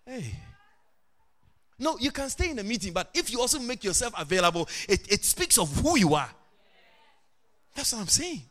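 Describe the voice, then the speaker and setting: A middle-aged man preaching a sermon as pastor, animated, with sudden shouted and sing-song rises. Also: sits high, normal speed, pauses often.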